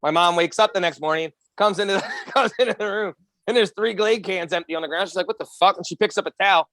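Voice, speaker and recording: A man's voice: high-pitched, a bit bright, no room sound. A man co-hosting a podcast, telling self-mocking stories full of swearing. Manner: rapid, profane, self-mocking anecdotes. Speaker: podcast co-host. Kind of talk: casual storytelling.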